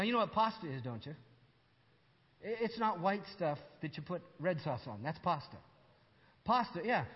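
Older guy pastor telling a story from the pulpit, does the voices, kinda high voice, big echoey church sound. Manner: animated, acts out dialogue, asides to audience. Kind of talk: storytelling sermon. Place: church hall with audience. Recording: dull sound in long reverb hall.

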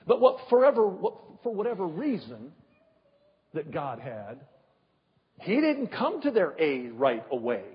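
A male pastor delivering a sermon with emphatic rhetorical questions and drawn-out pauses, his voice husky. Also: on the high side, wildly swooping pitch. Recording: dull echoey hall.

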